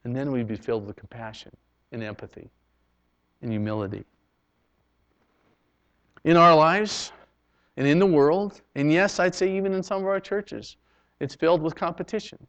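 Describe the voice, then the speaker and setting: This Canadian pastor's sermon moves between loud, emphatic lines and hushed ones, heard through a dull lo-fi recording. His pitch is fairly high, he speaks at normal speed, and he pauses often.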